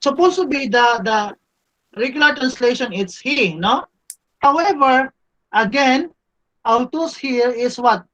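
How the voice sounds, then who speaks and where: A man's voice: extremely high pitch, a little slow, sharp tone, poor audio. A man teaching a Greek grammar class, repeating words and checking in with "no?" and "okay?". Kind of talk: classroom lesson.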